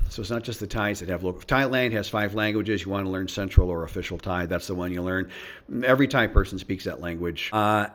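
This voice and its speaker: An older man rambles casually to his viewers in a low voice. His talk is loose and chatty, full of fillers, restarts and asides. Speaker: vlogger. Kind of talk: casual rambling vlog monologue. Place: his home in Thailand.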